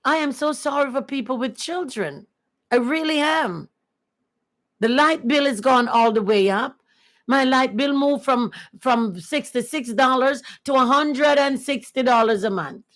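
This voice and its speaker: A woman's voice: high-pitched, unhurried, a bit bright. A woman chatting casually and earnestly on her first livestream, repeating herself often. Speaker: livestream host.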